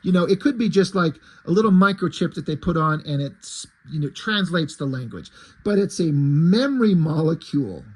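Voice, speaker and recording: A man's voice: fairly high pitch, expressive, moderate pace, slightly rough, rough recording. A man reviewing a comic book in a loose, casual chat, swearing now and then and paraphrasing the dialogue in a plain reading voice.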